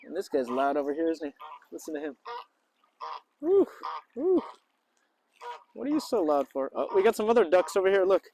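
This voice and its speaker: His pitch swings widely, with vocal fry, a warm tone, a moderate pace and frequent pauses. The male vlogger and English teacher narrates casually at a lakeside park, chatty and playful, often talking to the birds in a high voice. The audio is poor with slight background noise, and geese and ducks honk faintly.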